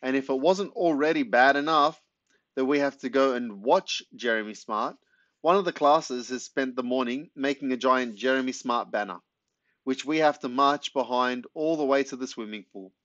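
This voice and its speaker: Lively male storybook narrator. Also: normal speed, dry recording. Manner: lively, animated storytelling with pitch jumps. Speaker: audiobook narrator. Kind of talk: scripted first-person narration. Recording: dry, slightly muffled studio read.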